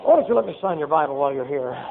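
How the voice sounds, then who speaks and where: A man preaches a homespun sermon, reading verses aloud and slipping into playful asides. His voice sits high for a man. The recording is narrow and tinny, like a phone line. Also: big pitch swings, racing, gravelly, background noise. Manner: folksy preaching with Bible readings and acted asides.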